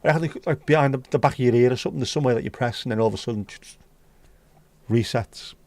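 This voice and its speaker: A man's voice: mid-range voice, quick pace, darkish tone, dry recording. A man from North West England, hosting a livestream and chatting bluntly with his viewers. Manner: blunt, chatty, swears casually. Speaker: livestream host. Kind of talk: casual chat with live chat.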